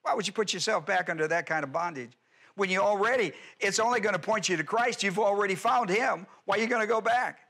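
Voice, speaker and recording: A man's voice: sits high, quick pace, creaky, a bit bright. A male pastor giving an expository Bible teaching sermon, stressing points with rhetorical questions and explaining Greek grammar.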